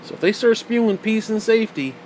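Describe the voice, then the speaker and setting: A man's voice: high-pitched, lively intonation, brisk, a little mellow, slight background noise. A man talking in a casual, rambling rant, profane and sarcastic.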